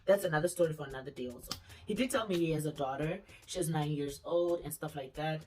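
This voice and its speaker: A woman telling a personal story in a blunt, animated, profane way for her vlog. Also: deep voice, fast talker, far from the mic, soft background music.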